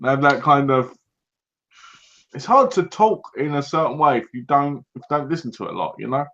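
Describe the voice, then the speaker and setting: A man's voice: medium pitch, expressive, fairly quick, a bit bright, dull audio. Rambling, laughing male co-host. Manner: rambling, laughs often, restarts sentences. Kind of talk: casual livestream chat.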